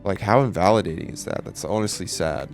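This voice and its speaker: A man's voice: low voice, a little fast, soft background music. A young man speaking candidly in a casual personal monologue, swearing and using lots of fillers. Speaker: vlogger.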